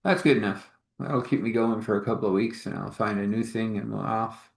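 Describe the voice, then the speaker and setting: A man's voice: fairly low pitch, a little fast, vocal fry. A man voicing a woman accountant who has just been let go, taking it in stride in his own easygoing voice. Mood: matter-of-fact. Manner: shrugging, easygoing, faith-filled. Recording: echoey room.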